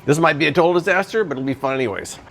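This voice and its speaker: A man's voice: fairly high pitch, lively intonation, racing, gravelly, fairly bright tone, slight background noise. A man chatting casually in a home kitchen as he tests and reviews kitchen gadgets, thinking aloud while he cooks. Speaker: product reviewer. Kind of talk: casual cooking review vlog.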